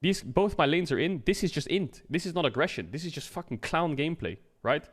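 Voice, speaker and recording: A man's voice: fairly high pitch, lively intonation, brisk. A man streaming a casual explanatory rant, talking it through conversationally, often checking in with the listener and swearing now and then. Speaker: streamer and game analyst.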